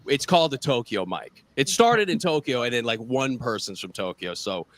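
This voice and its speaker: A young man with an American accent performs stand-up over a video call. He rambles and mocks himself, leaning on "like" as he goes. His voice sits at a middling pitch. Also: sing-song, normal speed, fairly bright tone. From United States. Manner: rambling and self-mocking, with many filler "like"s. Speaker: stand-up comedian. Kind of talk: online stand-up set.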